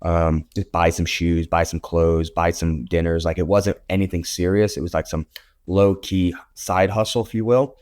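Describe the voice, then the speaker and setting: A man in his thirties, a guest on an interview show, telling his story in a blunt, animated way and swearing now and then. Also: sits low, normal speed. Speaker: podcast guest, real estate photographer.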